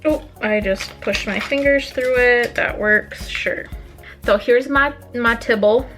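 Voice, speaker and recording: A woman's voice: on the high side, slow, fairly bright tone, faint music behind. A young woman vlogging casually from her home kitchen, chatty and jokey with rambling asides, recorded on a phone. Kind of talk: casual cooking vlog.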